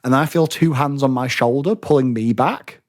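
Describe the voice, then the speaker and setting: A man co-hosting a podcast, telling stories in casual chat, lively and swearing freely. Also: mid-range voice, moderate pace. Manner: animated, swears freely, acts out quotes. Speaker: podcast co-host.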